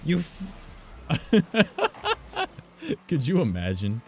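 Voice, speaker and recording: A man's voice: deep voice, normal speed, slight background noise. A young man streaming a car soccer game, chatting casually with teammates and viewers, swearing freely as he tells stories between plays. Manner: swearing, animated storytelling between game reactions. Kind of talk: casual gameplay chat.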